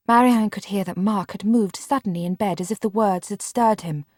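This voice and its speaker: A woman reading a children's audiobook in calm, measured scripted narration on a close studio mic. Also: medium pitch, no echo.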